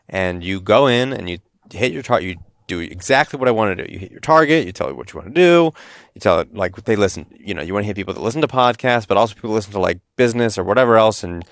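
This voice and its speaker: A man with a fairly low voice chats on his podcast. He tells a long, animated story and keeps restarting his sentences. The sound is close and dry. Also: dry recording. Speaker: podcast host. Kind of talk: casual chat.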